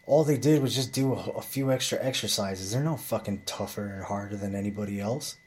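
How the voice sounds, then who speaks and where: A man's voice: fairly low pitch, brisk, hardly any pauses, darkish tone. A man telling a rambling bar story in a blunt, profane, casual way, with frequent restarts.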